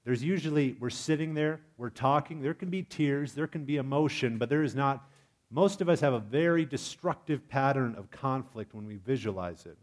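A man preaching a sermon in a lively, humorous way, asking his congregation questions. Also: medium pitch, normal speed. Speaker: pastor.

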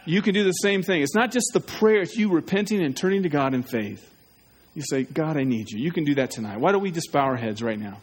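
A man's voice: fairly high pitch, lively intonation, fast, slightly rough. Urgent, pleading preacher man. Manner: urgent, pleading, asks listeners questions. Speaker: pastor. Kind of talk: evangelistic sermon.

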